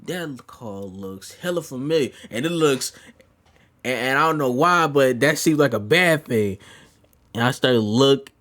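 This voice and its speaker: A man's voice: medium pitch, a little slow, long pauses, fairly bright tone. A young man casually telling a story, slangy and profane, rambling along.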